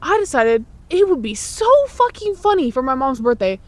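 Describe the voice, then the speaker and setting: A woman's voice: high-pitched, sing-song, moderate pace. A young woman casually telling childhood stories on a podcast, swearing freely and laughing often. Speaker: podcast host. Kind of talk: casual chat, storytelling.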